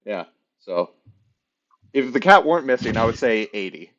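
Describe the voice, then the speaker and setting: A man acting as game master for a tabletop game talks casually and hesitantly, packing his speech with fillers. His medium-pitched voice is sing-song and fairly bright, at a moderate pace, captured on a lo-fi, muffled mic.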